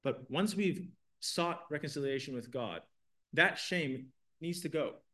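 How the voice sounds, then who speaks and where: A man's voice: on the high side, a little slow, a bit bright. A man teaching an evening Bible class, reading scripture and explaining it earnestly, asking his class questions.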